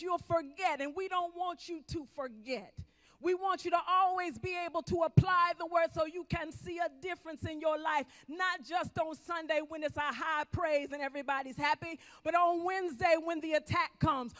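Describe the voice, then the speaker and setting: A male pastor preaching emphatically, swinging between loud calls and quiet asides. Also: very high voice. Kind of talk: sermon.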